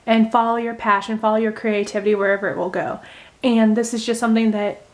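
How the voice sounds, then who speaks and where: A woman chatting casually in a how-to craft video, rambling gently and thinking aloud with many fillers. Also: a little high, little pitch movement, fast. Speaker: crochet vlogger. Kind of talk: casual how-to chat while unraveling knitting.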